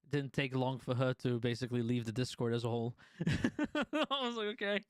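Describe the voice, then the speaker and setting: A man's voice: mid-range voice, expressive, moderate pace, smooth, no room sound, studio quality. A man streaming live, casually chatting to his viewers and telling a story, swearing freely and laughing often.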